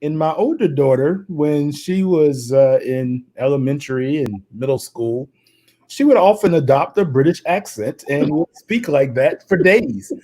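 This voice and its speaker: A man's voice: fairly high pitch, expressive, unhurried, dark tone. A middle-aged man from Virginia, co-hosting an online show and chatting casually with dry, laid-back humor. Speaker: co-host. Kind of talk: casual live-stream chat.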